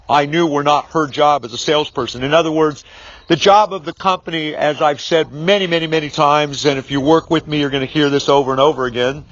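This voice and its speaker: A man's voice: fairly high pitch, muffled recording. A man who trains salespeople, talking freely in a rambling way with many fillers and restarts, and acting out both sides when he retells an argument. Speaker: business author and sales trainer. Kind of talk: unscripted monologue.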